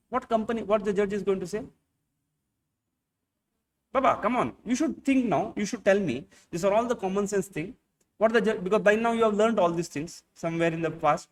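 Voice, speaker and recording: Teaching accounting in a classroom, this Indian English-accented man speaks in a high voice, a little fast, captured from a distance. He throws rhetorical questions at the students and plays out small dialogues.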